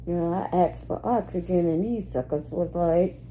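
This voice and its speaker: A woman's voice: on the low side, moderate pace, warm tone, slight background noise, rough recording. A woman hosting a weekly spiritual reading vlog, talking in a candid, slangy, rambling way. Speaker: astrology and spiritual reading host.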